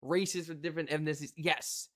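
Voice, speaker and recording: An American reaction video host giving casual commentary, animated and exclaiming, with slangy asides. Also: mid-range voice, brisk. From United States.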